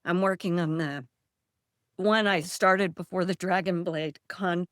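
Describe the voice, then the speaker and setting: A woman's voice: on the low side, steady tone, measured pace, a bit bright, no echo, clean studio sound. A woman author in a casual interview, telling stories in a rambling way and laughing often. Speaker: author guest.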